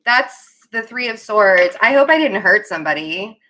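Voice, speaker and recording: A woman with a bright, forward voice gives a casual tarot reading to her viewers. She rambles, trails off mid-thought and laughs nervously, then apologizes again and again. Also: on the high side, sing-song, a little slow. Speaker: tarot reader.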